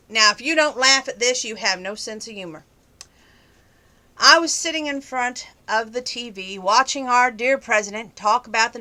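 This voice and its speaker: A woman vlogger chatting casually to the camera, telling a story in an animated, sarcastic way. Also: fairly high pitch.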